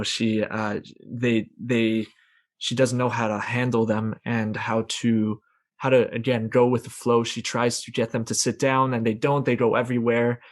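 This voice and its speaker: A young man telling a reflective personal story in a group conversation, hesitant and full of restarts. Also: medium pitch. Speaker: participant sharing a story. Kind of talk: casual storytelling in a group call.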